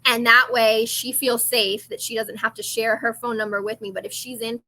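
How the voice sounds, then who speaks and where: A woman's voice: fairly high pitch, little pitch movement, normal speed, bright, forceful tone. A woman co-hosting a podcast, speaking earnestly in casual chat and weighing both sides of a point.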